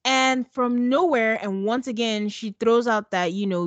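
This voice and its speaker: A woman with a slightly high voice co-hosts a podcast recapping a reality show, speaking unhurriedly with few pauses on a dry recording. She's animated, laughs often, and acts out what people said.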